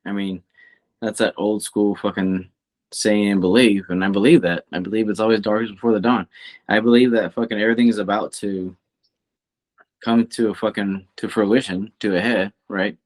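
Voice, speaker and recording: A man's voice: fairly low pitch, steady tone, moderate pace. Emphatic profane man. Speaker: podcast co-host. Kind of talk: casual chat.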